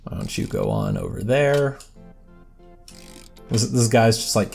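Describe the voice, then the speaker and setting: A man's voice: mid-range voice, wildly swooping pitch, unhurried, creaky, long pauses, a little mellow, soft background music. A man giving casual, rambling gameplay commentary as a let's play host, self-deprecating and chatting to the characters on screen.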